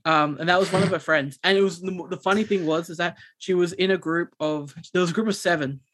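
A man, co-hosting a podcast and telling a story in a rambling, animated way with many restarts. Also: sits high, fast. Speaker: podcast co-host. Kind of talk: casual chat, storytelling.

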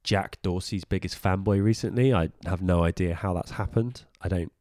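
British guy on a podcast, lowish voice, dry close sound, jokey and explainy. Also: normal speed, a little mellow, no room sound. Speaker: podcast co-host. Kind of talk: casual tech chat.

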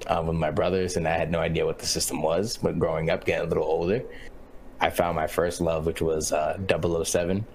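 A man guesting on a gaming podcast, telling stories in a relaxed, slangy way and laughing easily. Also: rumbling low, a little fast, vocal fry, a little hiss or hum, rough recording. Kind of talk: casual podcast chat.

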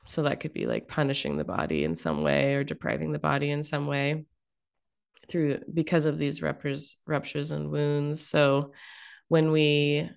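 A woman coach speaks as a guest on a video call, reflective and soft-spoken, pausing to search for her words. Her voice is very low, with a heavy gravelly fry. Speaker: guest, food and body coach. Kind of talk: interview conversation.

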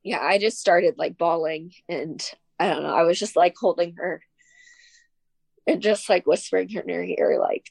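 A woman's voice: lowish voice, measured pace, creaky, long pauses, dry recording. Tearful woman telling a painful story. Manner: soft-spoken, tearful, frequent "like" fillers. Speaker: guest. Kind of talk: emotional personal conversation.

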